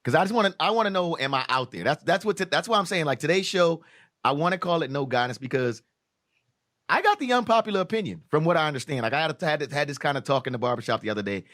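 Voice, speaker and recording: Fast animated man joking on a podcast. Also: fairly high pitch. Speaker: podcast host. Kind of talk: casual chat.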